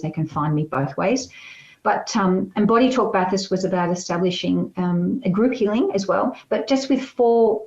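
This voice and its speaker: A woman's voice: mid-range voice, darkish tone. Chatty woman in a roomy space. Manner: chatty, storytelling with acted quotes. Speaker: holistic healer, podcast guest. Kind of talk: casual interview chat. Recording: roomy, dull lo-fi sound.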